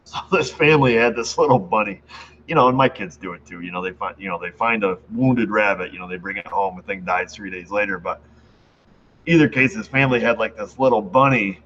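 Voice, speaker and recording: A man's voice: on the low side, a little fast, fairly bright tone. Middle-aged shop guy from new york chatting to viewers, keeps chuckling, faint noise behind him. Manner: rambling, laughs at own stories. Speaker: auto shop owner, channel host. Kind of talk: casual chat to viewers. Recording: dull lo-fi sound with faint background noise.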